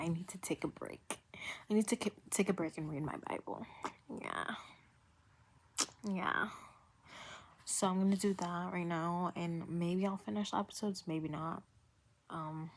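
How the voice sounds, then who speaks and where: A woman talks in a relaxed, rambling vlog chat, circling back and repeating lines to drive her point home. Her voice sits a little low and has a husky, breathy edge. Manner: chatty, rambling, repeats phrases for emphasis. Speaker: vlogger reviewing a TV series. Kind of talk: casual chat.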